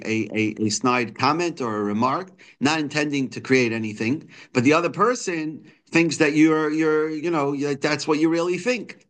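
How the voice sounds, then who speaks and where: A man's voice: on the high side, a bit bright. A man giving a daily Torah text lesson, reading lines and explaining them in English frequent restarts and fillers. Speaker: Torah teacher.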